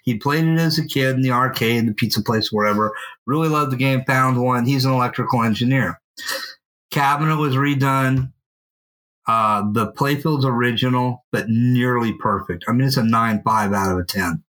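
A man co-hosting a podcast, telling a long story in a casual, animated way and swearing freely. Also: mid-range voice, normal speed, poor audio. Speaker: podcast co-host. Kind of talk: casual chat. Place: at home.

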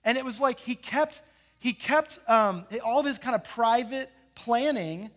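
A male pastor delivers a sermon with a fairly high voice. He retells scripture with a lively storytelling manner, slipping into the voices of the characters as he goes. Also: measured pace. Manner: animated storytelling, acting out the characters.

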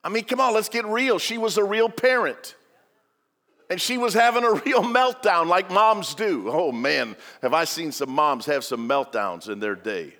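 Man, pastor, humorous sermon with asides, fairly high voice, long church reverb. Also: animated, moderate pace, sharp tone.

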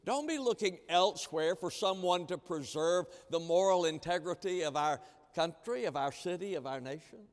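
Emphatic preacher in a reverberant hall. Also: male voice, high-pitched, moderate pace, hardly any pauses. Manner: emphatic, repeats key phrases, swings between loud and hushed. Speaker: pastor. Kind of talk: sermon.

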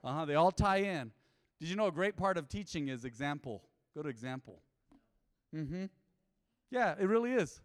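A male pastor delivers a sermon with a slightly high voice, rising into loud emphatic bursts and dropping into quiet asides. He calls on the congregation to repeat his words. His voice rings with the long reverb of a church hall. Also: expressive, moderate pace, pauses often, clean tone. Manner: emphatic, big swings in pitch and loudness. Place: urban church.

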